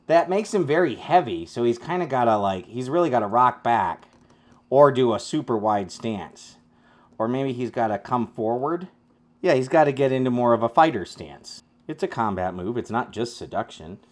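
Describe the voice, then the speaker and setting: A man's voice: medium pitch, expressive, normal speed. A man hosting a casual toy unboxing review, rambling and joking with frequent restarts. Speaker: toy reviewer, channel host.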